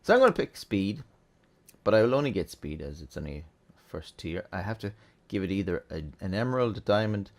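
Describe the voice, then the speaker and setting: A man hosting a relaxed, chatty game tutorial, thinking aloud as he plays. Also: low voice, fairly quick. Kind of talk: casual gameplay tutorial.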